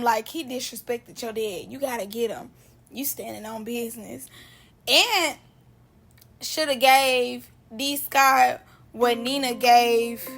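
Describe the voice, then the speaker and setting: A woman giving casual reaction commentary on a reality show, animated and slangy, laughing often between remarks. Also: high-pitched.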